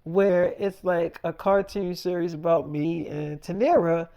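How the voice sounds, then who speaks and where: A man's voice: high-pitched, unhurried, gravelly, dark tone. A man telling an improvised story in a casual, profane, rambling way and acting out the voices of the people in it.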